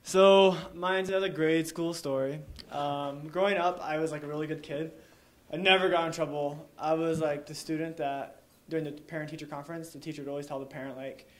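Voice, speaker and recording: A man's voice: a little high, fairly even intonation, a little fast. A young man telling a live story to an audience, rambling with lots of "like" and chuckling along the way. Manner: rambling, heavy use of "like", chuckles while telling.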